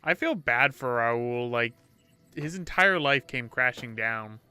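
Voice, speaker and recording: Bright, crisp young man narrating gameplay. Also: medium pitch, expressive, slow pace, no room sound, soft background music. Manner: chatty, playful, trails off to mumbles. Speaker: let's-play host. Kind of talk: casual gameplay commentary.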